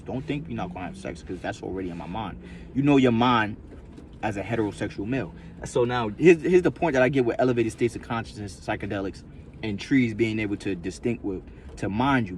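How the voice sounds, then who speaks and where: A man's voice: on the low side, darkish tone, slight background noise. A man vlogging in a casual, rambling monologue, profane and repetitive, full of loose street slang.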